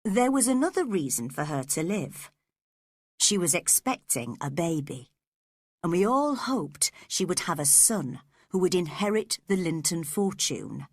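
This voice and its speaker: A woman narrating an audiobook of a classic novel in a slow, expressive storytelling manner. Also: fairly low pitch, breathy edge, no echo, studio quality.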